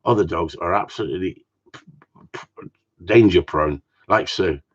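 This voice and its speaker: Speaking low and a little slowly, a Cornish man who trains gundogs fields viewer questions during a casual live session. His advice is blunt, jokey and plain-spoken, and the audio is dull and lo-fi.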